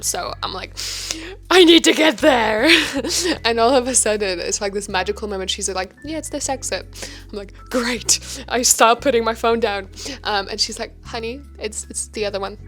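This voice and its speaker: A woman's voice: medium pitch, steady tone, fairly quick, fairly bright tone, soft background music. A young woman telling a casual vlog story, chatty and self-mocking, swearing freely. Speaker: vlogger. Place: hotel room.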